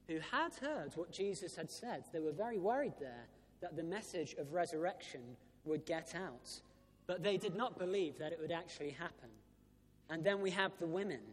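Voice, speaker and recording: A man in his thirties, a Church of England vicar, giving an Easter sermon with a storytelling manner and frequent "uh" fillers. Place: large church. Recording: church PA with long reverb, faint rumble.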